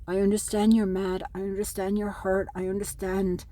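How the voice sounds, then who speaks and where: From her New Mexico home, an Irish mother in middle age pleads emotionally to camera with her sons about custody, sounding aggrieved. She speaks at a moderate pace with few pauses, in a dark, medium-pitched voice that barely moves in pitch.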